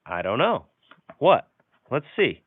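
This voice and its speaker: A man's voice: mid-range voice, wildly swooping pitch, slow pace, husky. A man hosting a casual live stream, reading out silly jokes and viewer comments with frequent chuckles. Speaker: livestream host. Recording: tinny, phone-like sound.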